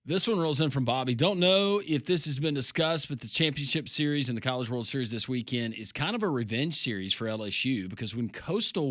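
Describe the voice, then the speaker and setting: A man's voice: mid-range voice, dry recording. Dry-sounding male radio co-host. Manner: relaxed, reads texts aloud. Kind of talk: casual sports talk, reading listener texts. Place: radio studio.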